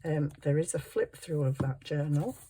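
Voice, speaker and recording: Older female vlogger, low pitch, rambling and giggly while she crafts; light background hiss. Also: normal speed, warm tone. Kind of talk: casual chat while crafting.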